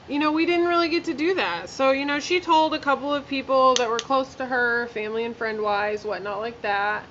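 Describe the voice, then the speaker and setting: Chatty woman vlogger, slightly high voice. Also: a bit bright, lo-fi sound, a little hiss or hum. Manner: chatty, filler-heavy, candid and blunt with swearing. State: emotional, near tears. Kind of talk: casual storytime while doing makeup.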